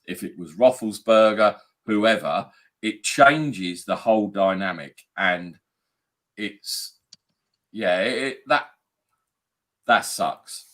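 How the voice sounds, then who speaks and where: Casting: a lower-pitched man, salty, teasing sports co-host. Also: slow, pauses often, a bit bright. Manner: blunt, profane, joking. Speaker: podcast co-host. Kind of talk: casual sports chat.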